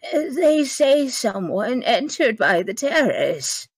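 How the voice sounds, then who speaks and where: A woman's voice: on the high side, big pitch swings, takes it slowly, husky, no room sound, pitched above the performer's own voice, heavily acted. A woman voicing a whining, white-haired old male magician who demands answers. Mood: indignant.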